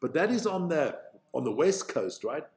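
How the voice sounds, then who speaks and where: A man's voice: fairly high pitch, big pitch swings, moderate pace, darkish tone. Chatty South African man streaming. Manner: rambling, thinks aloud, swears freely, calls people man. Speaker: live-stream host reacting to a rugby match. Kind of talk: casual live watch-along chat.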